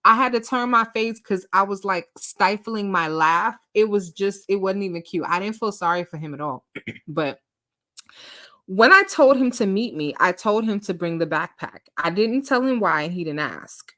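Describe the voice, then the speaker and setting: A woman telling a personal story in casual chat, animated, acting out quotes and laughing often. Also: medium pitch, normal speed, no room sound, clean studio sound. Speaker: storytime host.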